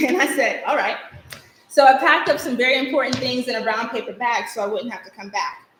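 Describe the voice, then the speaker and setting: A woman's voice: on the high side, a bit bright, a little hiss or hum, natural voice. A young woman acting a theatrical monologue as a spirited girl recalling her childhood, with vivid, rhythmic storytelling on a stage. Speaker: stage actor. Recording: echoey live stage recording.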